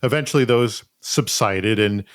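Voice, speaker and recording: A man hosting a podcast interview, asking relaxed, conversational questions and chiming in with short acknowledgments. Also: fairly low pitch, normal speed, clear, resonant tone, no room sound, studio quality. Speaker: podcast host.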